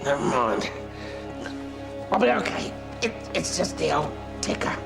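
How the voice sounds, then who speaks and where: A gravelly jovial man, slow, high swoops, TV drama. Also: sing-song, loud music behind the voice, exaggerated voice. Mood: shaken. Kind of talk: TV drama acting.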